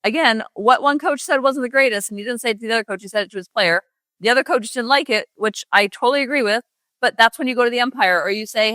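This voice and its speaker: A woman's voice: a little high, fast talker, pushed and bright, dry recording. A middle-aged woman hosting a parenting podcast, talking in a chatty, rambling way with sarcastic asides. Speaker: parenting coach and podcast host. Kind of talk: casual podcast monologue.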